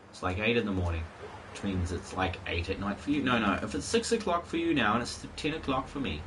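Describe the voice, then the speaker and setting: A man's voice: fairly low pitch, fairly bright tone. A man live-streaming a game in casual chat, rambling along and talking to his viewers and the game's dog. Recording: distant mic with faint background noise.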